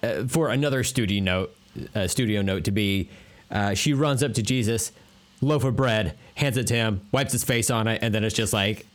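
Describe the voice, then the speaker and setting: A man's voice: fairly low pitch, normal speed. A man co-hosting a podcast, chatting in a laid-back, joking way with frequent swearing and "uh" fillers. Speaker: podcast co-host. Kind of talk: casual chat.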